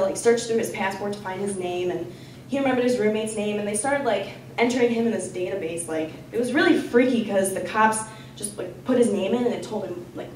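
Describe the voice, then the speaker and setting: A young woman student telling a personal story at a live storytelling event, animated and chatty, full of "like.". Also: medium pitch, slight background noise. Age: young adult. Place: campus lounge storytelling event. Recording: echoey room, voice from far off.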